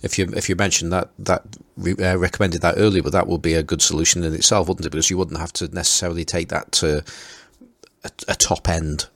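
A man's voice: low voice, flat delivery, quick pace, fairly bright tone, dry recording. A man co-hosting a casual podcast, repeating words and ending points with tag questions. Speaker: podcast co-host.

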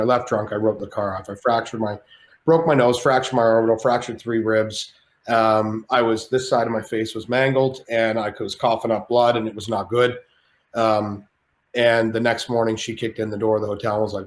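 A man telling a story as a podcast guest, animated and rambling, with plenty of swearing. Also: on the low side, moderate pace, roomy sound, slight background noise. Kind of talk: casual storytelling.

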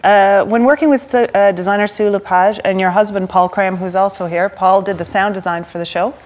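A woman's voice: medium pitch, fairly even intonation. Hesitant woman interviewer onstage. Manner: hesitant, halting questions. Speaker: interviewer, artistic director. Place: theatre stage before an audience.

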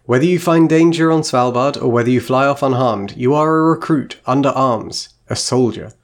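A man reading as a calm, ancient witch queen. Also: mid-range voice, moderate pace, close to an everyday voice. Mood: calm, explaining. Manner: plain reading, no put-on accent. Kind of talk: reading aloud from a novel.

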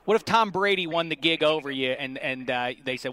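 A man's voice: mid-range voice, fairly even intonation, a little fast, crowd noise. A man hosting a sports radio interview, playful and teasing, with rambling questions. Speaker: radio host interviewing an athlete.

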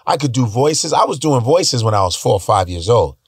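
A man telling stories as a podcast guest in a casual, animated and profane way. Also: medium pitch, a little fast, husky, dry recording, clean studio sound.

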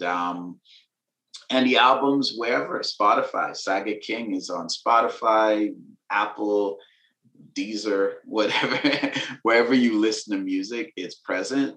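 A man with a lilt, a musician and author, chatting casually in an interview with relaxed slang. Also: on the low side, reverberant. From Venezuela. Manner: relaxed, laid-back slang, laughs between thoughts.

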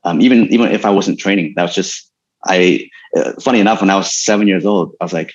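Man with a very low voice as the interview guest, easygoing rambling talker, slightly dull recording. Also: quick pace. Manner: relaxed storytelling with many fillers and frequent laughs. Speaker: guest, stuntman and martial artist. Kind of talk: casual interview conversation.

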